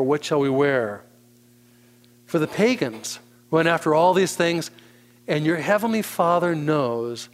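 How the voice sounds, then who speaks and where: Slow, deliberate preaching man. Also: fairly high pitch. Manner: slow, deliberate teaching with emphatic pauses. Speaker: pastor. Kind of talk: sermon.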